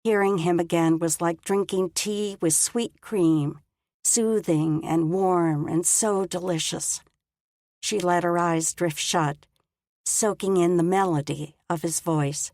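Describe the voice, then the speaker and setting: A woman narrating a story in a calm, measured audiobook reading. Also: lowish voice, no room sound, studio quality. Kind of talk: scripted narration.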